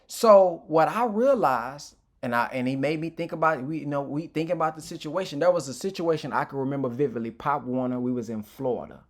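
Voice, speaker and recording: A man's voice: a little high, a little fast, few pauses. A man giving an informal, emotional personal testimony as a motivational speaker, candid and reflective, often restarting his sentences.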